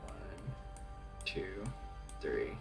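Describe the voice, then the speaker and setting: A man narrating a tabletop game as dungeon master, relaxed and hesitant with fillers. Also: drawn-out words, over music.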